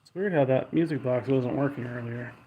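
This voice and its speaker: A man on a ghost-hunting walkthrough of an old house, calling out in hushed tones to unseen spirits and recorded on a handheld phone. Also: medium pitch, fairly quick, dull audio. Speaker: paranormal investigator. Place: indoors in an old house at night. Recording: steady background hiss and room noise.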